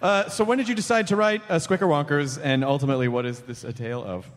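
A man's voice: fairly high pitch, fast, big-room sound, noisy background. A man hosting a podcast in casual comedic chat, joking, laughing and swearing freely. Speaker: podcast host.

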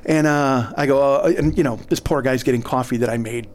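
A middle-aged man, a comedian guest, telling a long story in a casual, animated way, laughing and acting out the other people's lines. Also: medium pitch, fairly quick.

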